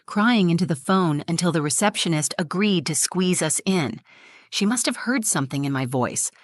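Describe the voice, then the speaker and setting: A woman narrates a scripted first-person story as a mother, with a steady, even delivery. Her voice is on the low side. The recording is close and dry, with no room sound. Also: no room sound.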